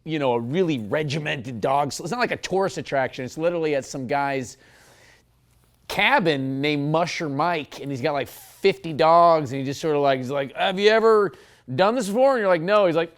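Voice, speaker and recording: A male comedian telling a story in an interview, chatty and self-mocking. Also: a little high. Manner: quick, chatty, self-mocking, many likes.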